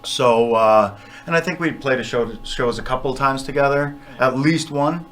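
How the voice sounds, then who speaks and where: A man's voice: mid-range voice, normal speed. A man guest on a radio show, telling stories in a chatty, self-deprecating way and laughing often. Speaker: band member guest. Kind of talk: casual radio interview storytelling.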